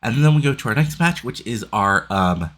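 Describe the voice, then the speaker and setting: Congested and stuffed up, this host plays a wrestling booking game and rambles through it casually, full of fillers and restarts. He speaks at a normal speed in an animated mid-range voice that's a bit bright.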